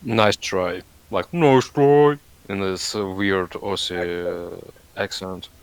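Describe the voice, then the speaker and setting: A man's voice: sits low, little pitch movement, slow pace, a bit bright, no echo. A man helping lead a game raid over voice chat, easygoing and joking with small hesitations, on a headset.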